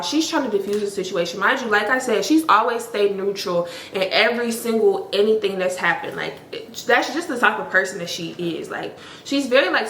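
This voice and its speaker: A young woman, telling a story in a casual, animated way with lots of emphasis. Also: medium pitch, reverberant, slight background noise. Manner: animated, emphatic, heavy use of "like". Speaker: storytime vlogger.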